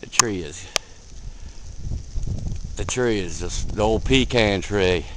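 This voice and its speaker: A man filming outdoors in a blizzard on a handheld camera, giving excited casual commentary, cold and a bit out of breath. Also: fairly low pitch, takes it slowly, noisy background. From Delaware, USA. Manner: excited, repeats himself, calls viewer man. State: out of breath, face numb from cold. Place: outdoors in a blizzard, wind and snow. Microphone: handheld camera mic.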